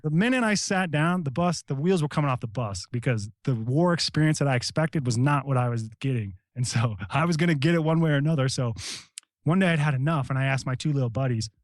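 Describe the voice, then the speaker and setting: A middle-aged American man, a retired Army Ranger, telling stories in casual talk, animated and profane, shouting out the lines he quotes. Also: medium pitch, fast, no echo, studio quality. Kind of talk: casual storytelling.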